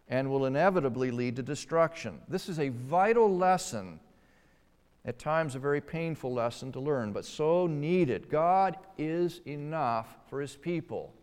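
A man preaching a sermon, swinging between emphatic rises and hushed, slow passages. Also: a little high. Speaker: pastor. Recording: long hall reverb.

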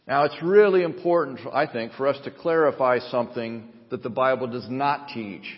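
Man preaching in an echoing sanctuary. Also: mid-range voice. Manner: measured, earnest preaching with emphatic rises. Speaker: pastor. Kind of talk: sermon with scripture reading. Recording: dull sound with long hall reverb.

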